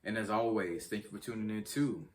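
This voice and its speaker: Man, very low voice, casual review vlog, chatty, slightly distant mic. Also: a little fast. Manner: chatty, talks straight to viewers; rambling, many ums and restarts. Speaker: movie reviewer, channel host.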